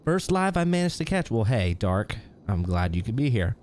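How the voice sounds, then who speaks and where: A man's voice: medium pitch, very animated, moderate pace, a little mellow, slight background noise. A man hosting a live stream, reading out viewer names and chatting casually with frequent chuckles. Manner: reads viewer names aloud, chuckles often. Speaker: livestream host.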